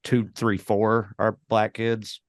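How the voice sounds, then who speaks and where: A man's voice: on the low side, flat delivery, slow pace, dry recording, clean studio sound. A man with a Tennessee Southern accent, a comedian chatting as a radio guest in a rambling, self-deprecating way. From rural Tennessee. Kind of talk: relaxed interview chat.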